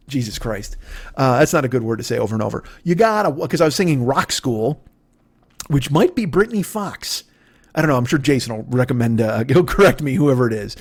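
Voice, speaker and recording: A man's voice: medium pitch, sing-song, brisk, breathy edge. A man in his forties, a podcast host, delivering a rambling, profane comedic monologue that jumps from tangent to tangent. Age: 40s.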